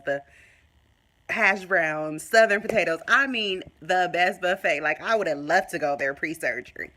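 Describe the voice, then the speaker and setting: A woman vlogging casually to her phone, telling a story in an animated way and acting out what people said. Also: sits low. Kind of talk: casual chat to camera.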